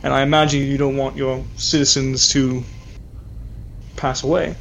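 A man's voice: mid-range voice, level tone, normal speed, gravelly, fairly bright tone, a little hiss or hum. A man with a Southern US accent playing a paladin in a tabletop game, talking earnestly and repeating himself. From Southern United States. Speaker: player. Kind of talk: in-character tabletop play.

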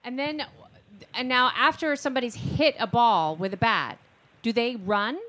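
Female co-host, brightish pitch, chatty and quick to laugh. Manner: chatty, laughing, asks questions. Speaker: show co-host. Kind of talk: casual talk-show banter.

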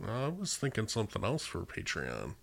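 A man's voice: lowish voice, huge pitch swings, moderate pace, creaky, fairly bright tone. A man co-hosting a podcast in easygoing casual chat, stuffy with a cold and mostly giving short agreeing replies. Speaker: podcast co-host.

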